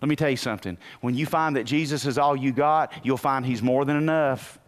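A man preaching a sermon as pastor, moving from quiet asides to loud bursts and telling folksy, humorous stories. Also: medium pitch, fairly quick.

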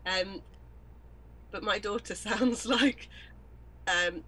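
Brief: giggly, rambling woman from Wales, easy middle-pitched co-host chat. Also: extremely slow, bright, forceful tone, husky, low-quality recording. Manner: giggly, rambling, tangent-prone. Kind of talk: casual chat.

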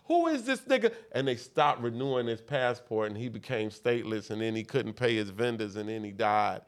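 A man's voice: on the low side, level tone, fairly quick. A man telling a long story in casual podcast talk, acting out the other people in his tale. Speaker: guest rapper.

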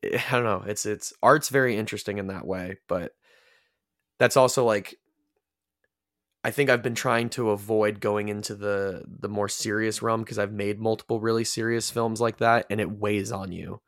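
A man with a fairly low voice muses his way through a casual podcast chat. He rambles and restarts his thoughts as he goes, and his voice sounds close and dry with no room around it. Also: steady tone, normal speed, fairly bright tone, no echo. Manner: reflective, rambling, many restarts. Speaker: podcast guest.

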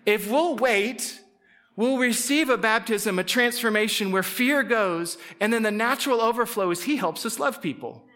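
Male preacher, higher than average, bright tone, chatty sermon delivery with playful asides. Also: normal speed, faint music behind. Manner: conversational, jokes with the audience, acts out inner voices. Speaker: pastor.

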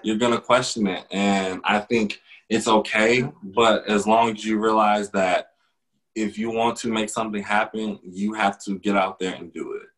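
Earnest young man, lowish voice. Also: fairly even intonation, normal speed, a bit bright, poor audio. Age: young adult. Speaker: podcast co-host. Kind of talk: casual motivational podcast chat.

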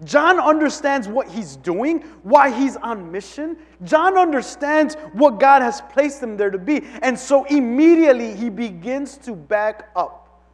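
A man with a notably high-pitched voice preaches a relaxed teaching sermon, chatty and loose, full of "like" and restarts. His voice rings with a long reverb from a big hall. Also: unhurried. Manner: conversational, many "like" fillers and restarts.

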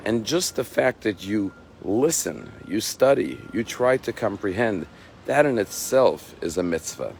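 A rabbi giving a measured, emphatic sermon, slowing down to stress key phrases. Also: male voice, on the low side, lively intonation, creaky, a little mellow, slight background noise.

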